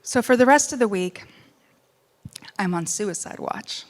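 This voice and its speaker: A woman giving a personal testimony speech, wry at times, shifting between loud outbursts and hushed, quiet moments. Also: medium pitch, lively intonation, unhurried. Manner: wry humor amid serious story. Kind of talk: emotional first-person storytelling speech.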